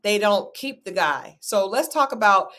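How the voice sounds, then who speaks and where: A woman hosting a relaxed recap chat. She talks in a chatty, animated way and keeps asking her guest questions. Her tone stays casual and conversational. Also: medium pitch, normal speed. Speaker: host.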